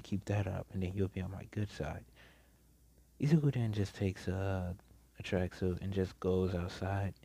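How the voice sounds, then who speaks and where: Low, mellow man rambling through a story. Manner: rambling, with frequent restarts. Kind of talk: casual fan-story narration.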